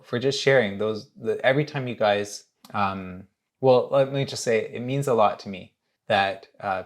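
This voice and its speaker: Earnest male channel host, lowish voice, halting candid monologue. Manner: halting and earnest, many restarts.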